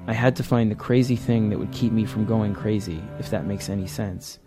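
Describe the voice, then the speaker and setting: A man's voice: on the low side, brisk, over music, natural voice. A man reading aloud a haunted, driven young man of twenty-five who confesses his past with intensity. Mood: resolute. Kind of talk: reading a comic script aloud.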